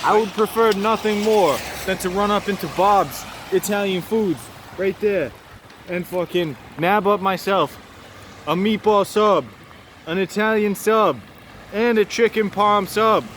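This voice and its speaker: A man's voice: high-pitched, measured pace, fairly bright tone, a little hiss or hum. A man with a Boston accent, vlogging on a handheld camera as he walks a snowy city street, rambling in profane, joking street talk. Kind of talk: casual vlog commentary.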